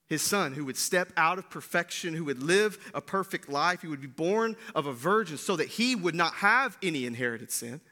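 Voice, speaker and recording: A man preaching a sermon, swinging between loud bursts and hushed lines, often asking "right?". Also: fairly high pitch, expressive, normal speed, few pauses. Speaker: pastor.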